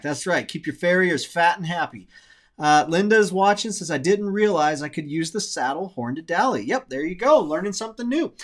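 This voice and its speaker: Laid-back co-host, a touch high-pitched, reads comments aloud. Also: male voice. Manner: easygoing, reads viewer names and comments aloud. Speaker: co-host reading viewer comments. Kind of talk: casual live-stream Q&A.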